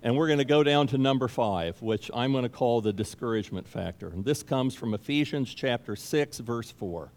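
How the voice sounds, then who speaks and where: A man's voice: mid-range voice, moderate pace, few pauses, darkish tone. A man preaching a sermon as pastor, speaking emphatically and repeating key phrases for stress. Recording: long reverb of a large hall.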